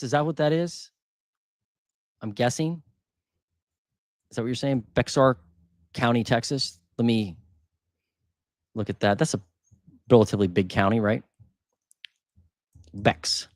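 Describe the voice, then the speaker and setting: A man's voice: fairly low pitch, dry recording, clean studio sound. A man hosting a housing market channel, talking casually as he reads through market figures, thinking aloud and repeating numbers. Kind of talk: casual live commentary on market data.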